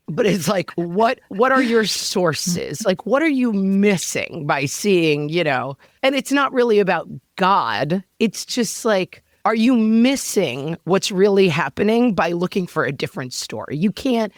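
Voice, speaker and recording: A woman co-hosting a podcast in casual chat, with wry, deadpan humor. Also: on the low side, unhurried, hardly any pauses, no echo, clean studio sound. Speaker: podcast co-host.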